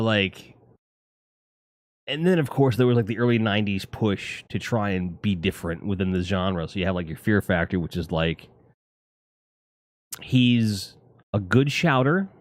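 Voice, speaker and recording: A man hosting a live stream, talking casually and profanely about heavy music in rambling, animated asides. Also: lowish voice, moderate pace, pauses often, no room sound. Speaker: streamer host.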